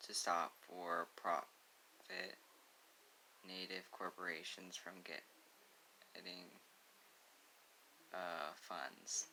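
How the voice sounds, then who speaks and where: A young man hosting his own channel, reading a news article aloud in a casual, halting way with frequent restarts. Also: low voice, gravelly, sharp tone, a little hiss or hum, poor audio. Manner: halting, stumbles and restarts on words.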